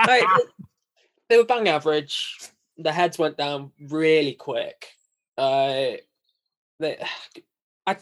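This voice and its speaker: A man chatting casually on a football podcast, laid-back and laughing easily. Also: a little high.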